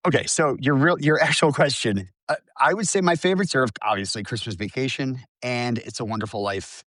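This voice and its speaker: A man's voice: mid-range voice, brisk, a bit bright, no echo. A man in his fifties chatting casually as a podcast co-host, wry and self-mocking, laughing often. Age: 50s. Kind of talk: casual chat.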